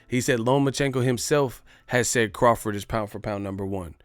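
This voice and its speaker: A man's voice: mid-range voice, normal speed, clean tone, dry recording, studio quality. A brash, slangy man hosting a live boxing commentary stream.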